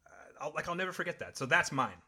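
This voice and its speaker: A man's voice: fairly high pitch, big pitch swings, rapid-fire, a crowd in the background. A middle-aged man in casual chat, telling rambling, enthusiastic stories.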